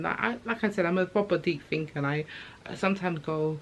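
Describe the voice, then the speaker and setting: A woman's voice: fairly low pitch, fast. A young woman, talking candidly in her vlog about motherhood in a chatty, emotional way. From England. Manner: open, chatty, emotional storytelling with slang. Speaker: vlogger. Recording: faint background noise.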